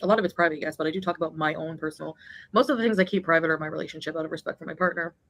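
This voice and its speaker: A woman's voice: low voice, rapid-fire, fairly bright tone, rough recording. A woman chatting casually in a vlog while eating, rambling and laughing often. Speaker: vlogger.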